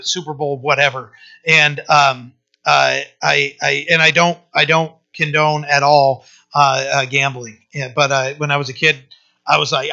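A male pastor preaching a conversational sermon, often pausing with fillers and restarting his sentences. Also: a little high, creaky, pushed and bright, muffled recording.

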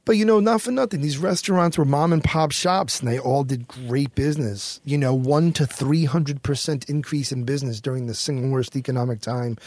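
A middle-aged American man telling a story as a guest in an interview, animated and quick to act out what others said. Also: mid-range voice, dry recording. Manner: animated storyteller, acts out quotes, swears freely.

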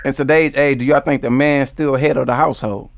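A young man co-hosting a casual podcast, animated and profane, quick to agree. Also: medium pitch, gravelly. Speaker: podcast co-host.

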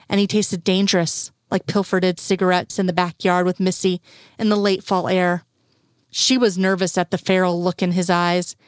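A woman's voice: fairly low pitch, smooth, no echo. Woman reading a story aloud, dry close sound. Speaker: reader.

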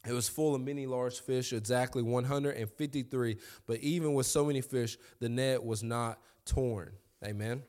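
A man preaching a lively sermon. His voice climbs high and loud when he gets fired up, then drops to quiet asides. His pitch sits in the middle range for a man. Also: moderate pace, hardly any pauses, smooth. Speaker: pastor.

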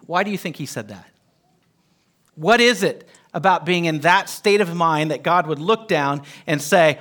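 A man's voice: a little high, animated, unhurried, a bit bright. A man teaching a Bible lesson to a group, emphatic, often putting questions to his listeners.

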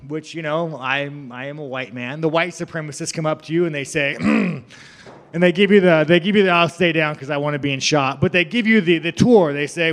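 A man's voice: on the high side, brisk. A young man telling a rambling, profane story about himself, laughing at his own jokes. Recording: long hall reverb.

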